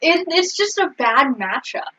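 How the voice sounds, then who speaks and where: A woman's voice: high voice, sing-song, a little slow, pushed and bright, slight background noise. A woman co-hosting a casual anime recap chat, chatty and leaning on "like". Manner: chatty, leans on "like". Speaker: podcast co-host. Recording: dull lo-fi audio.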